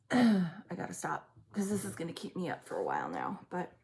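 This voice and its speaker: A woman talks straight to camera through an intense psychic reading. Her voice sits a little low, and she halts, restarts and trails off often. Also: huge pitch swings, normal speed, a little mellow. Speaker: psychic reader. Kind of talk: intuitive reading on video.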